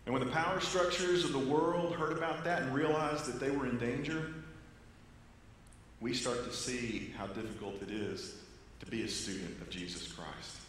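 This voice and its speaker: A man, a pastor, preaching a sermon, earnest and varied, with loud stressed phrases that drop to quiet low ones. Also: normal speed, slight background noise. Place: church sanctuary. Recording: echoey church hall with long reverb.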